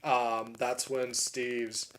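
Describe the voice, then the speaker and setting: A man's voice: medium pitch, little pitch movement, very slow, a bit bright. A man co-hosting a podcast, recapping a film in casual chat with lots of fillers. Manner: rambling, many fillers like "like" and "uh". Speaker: podcast co-host.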